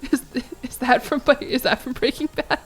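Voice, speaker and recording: A woman streamer chatting casually with her chat while playing a game, with giggly asides and thinking out loud. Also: high-pitched, fairly even intonation, moderate pace, husky.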